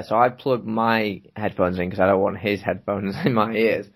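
A man's voice: on the low side, brisk, vocal fry, few pauses, slightly rough. Laughing British man telling a story. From Britain. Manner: laughing, rambling anecdote-telling. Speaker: podcast co-host. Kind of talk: casual chat.

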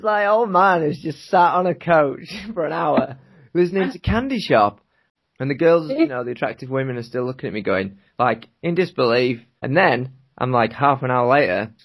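A man from Britain, co-hosting a podcast, telling a rambling anecdote and laughing often in casual chat. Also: fairly high pitch. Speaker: podcast co-host.

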